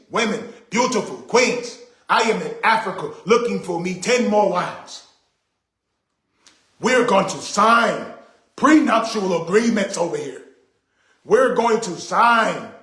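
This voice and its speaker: A man's voice: sits high, fairly bright tone. A middle-aged man ranting to camera in an indignant, preachy way, repeating his points for emphasis. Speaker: vlogger. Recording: echoey room.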